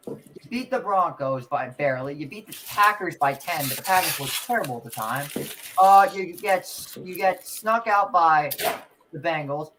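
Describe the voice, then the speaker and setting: A man's voice: fairly high pitch, animated, moderate pace, background noise. A man hosting a casual sports podcast, ranting through sarcastic trash talk about a rival team. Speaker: podcast host.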